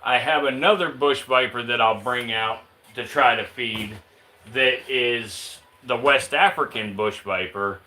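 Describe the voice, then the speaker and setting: A man casually chatting on a live stream while handling and feeding his snakes, reading out viewer questions in a relaxed drawl. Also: medium pitch, rough recording. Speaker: reptile keeper streaming live.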